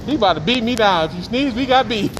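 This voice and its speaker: A man walks a supermarket with his phone, joking and teasing other shoppers. His voice sits rather high for a man. Steady store noise hums behind him. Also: brisk. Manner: teasing, playful, talks to passers-by. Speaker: vlogger. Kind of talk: casual joking chat with strangers. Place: indoor supermarket. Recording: noisy store background.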